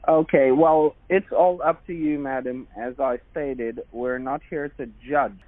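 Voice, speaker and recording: A man with a Jamaican accent making a pushy phone pitch, repeatedly calling the listener madam and sweetheart. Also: fairly even intonation, measured pace, no room sound. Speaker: phone scammer. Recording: dry tinny phone line.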